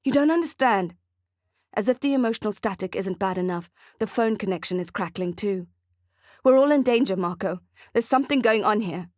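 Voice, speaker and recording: A woman's voice: medium pitch, expressive, fairly quick, darkish tone, dry recording, clean studio sound, close to an everyday voice. A woman reading the part of a tearful, desperate woman, emotional and pleading. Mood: urgent.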